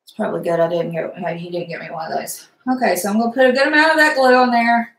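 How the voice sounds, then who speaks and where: A woman's voice: medium pitch, quick pace, vocal fry, fairly bright tone. A middle-aged woman chatting casually while she makes a wreath at home, blunt and talkative with mild cursing. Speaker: crafting vlogger. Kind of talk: casual crafting livestream chat. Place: home room, indoors. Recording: echoey room sound.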